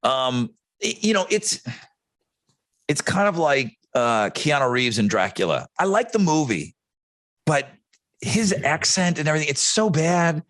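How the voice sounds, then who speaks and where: Male podcast co-host, opinionated, lively pitch swings, slightly higher voice. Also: a little slow. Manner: animated, opinionated, swears for emphasis. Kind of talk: casual chat about movies.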